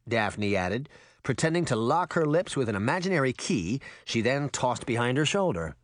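A man narrating a storybook audiobook with expressive, lively intonation at a middle pitch. The read is close-miked and dry. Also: normal speed, no room sound. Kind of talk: scripted narration.

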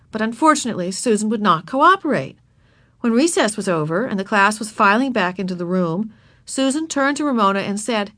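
A woman narrating a children's storybook in an expressive, animated reading. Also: on the high side, no room sound, studio quality.

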